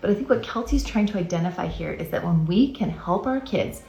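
A woman's voice: fairly low pitch, lively intonation, fairly quick, vocal fry, a little mellow, echoey room, rough recording. A woman hosting a casual parenting podcast, speaking earnestly and reading out listener messages.

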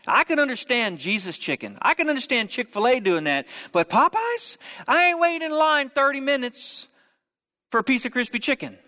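A man preaching a sermon, telling a story with humorous asides and quick jokes. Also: extremely high pitch, lively intonation, pushed and bright, long reverb tail. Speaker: pastor.

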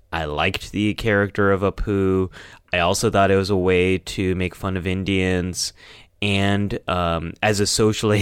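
Male podcast host, low smooth voice, dry close sound; candid, self-deprecating storyteller. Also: no room sound. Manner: candid and reflective, laughing wryly at himself. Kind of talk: casual podcast discussion.

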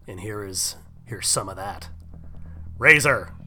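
A man's voice: on the low side, animated, slow pace, sharp tone. Chatty man on radio. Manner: rambling, chatty, laid-back. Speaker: radio host. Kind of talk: casual radio storytelling. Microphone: studio radio mic.

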